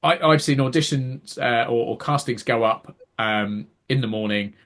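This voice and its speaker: A man's voice: mid-range voice, normal speed, a bit bright. A man, a podcast co-host who works as an actor, explaining at length in casual chat. He often restarts words and acts out quoted reactions.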